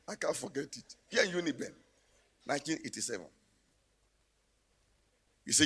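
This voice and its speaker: A man preaching a sermon in a church, telling stories and rising to loud exclamations. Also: a little high, expressive, moderate pace, gravelly, pauses often, breathy edge.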